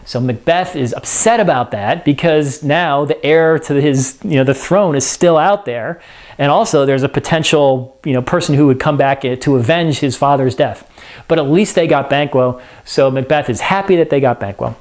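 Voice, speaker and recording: Male teacher, relaxed conversational story recap, animated delivery. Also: on the high side, moderate pace. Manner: conversational, animated retelling with filler words. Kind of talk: casual explanatory lesson.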